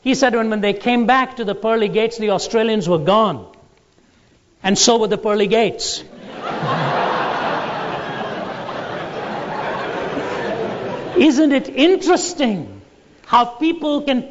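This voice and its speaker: A man giving a lecture, telling stories and jokes in a deliberate, storytelling way. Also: very high-pitched. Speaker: Christian apologetics lecturer. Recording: dull lo-fi recording in a large reverberant hall.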